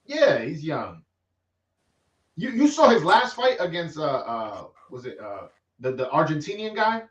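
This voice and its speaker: Fields: Sex: man. Style: animated street-talk boxing chat. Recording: roomy, distant, lo-fi. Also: on the high side, unhurried. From New York. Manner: animated, streetwise slang, frequent restarts. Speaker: boxing vlogger host. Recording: roomy, distant, dull lo-fi sound.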